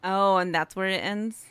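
A woman co-hosting a podcast, reacting with quick remarks and laughs in casual chat. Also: mid-range voice, fairly bright tone, clear, resonant tone, no echo, studio quality. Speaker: podcast co-host.

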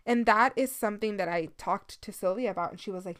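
A woman's voice: medium pitch, fairly quick, fairly bright tone, clear, resonant tone. A woman in her thirties hosting a casual solo podcast, talking candidly and swearing freely, slipping into the odd Spanish phrase, a little sleepy. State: sleepy, yawning. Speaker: podcast host.

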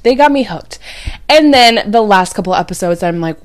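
Young adult woman podcast host, casual and emphatic, mid-pitch, dry close-mic sound, a little worn down. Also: normal speed, no echo. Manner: chatty, emphatic, confiding. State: low and drained after crying. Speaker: podcast host and dating coach. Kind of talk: casual chat.

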